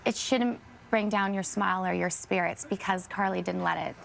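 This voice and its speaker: A young woman talks earnestly on a TV interview, often restarting her sentences as she searches for words. Her voice carries a gravelly fry, with a faint hiss in the background. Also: mid-range voice, moderate pace, fairly bright tone. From Canada. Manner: earnest, fond, hesitant restarts. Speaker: actress and guest.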